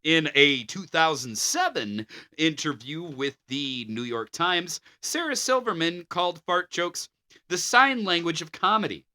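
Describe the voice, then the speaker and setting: A man's voice: fairly high pitch, expressive, a little slow, sharp tone. A man co-hosting a podcast, reading notes aloud with a dry, amused delivery. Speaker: podcast co-host.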